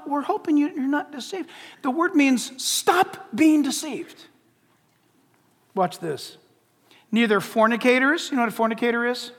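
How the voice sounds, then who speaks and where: With an extremely high, fairly bright voice, a man delivers a sermon as pastor from the pulpit. He presses his points emphatically through rhetorical questions, and the sanctuary lends a long reverb to the recording.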